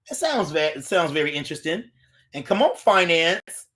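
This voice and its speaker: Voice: medium pitch, very animated, moderate pace. An adult host chatting casually on a live stream, greeting viewers by name and reading their comments aloud, recorded on a phone.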